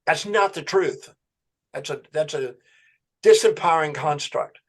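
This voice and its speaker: An unhurried man with a voice on the high side shares a story as a podcast guest. He's animated, quoting his client's answers and playing out his own questions.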